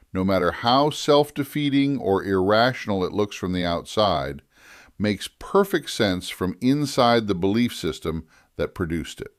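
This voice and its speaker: Measured man with a lively, low voice. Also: no echo, clean studio sound. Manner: measured, deliberate delivery with slow emphasis on key phrases. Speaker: writing teacher. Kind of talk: scripted instructional narration.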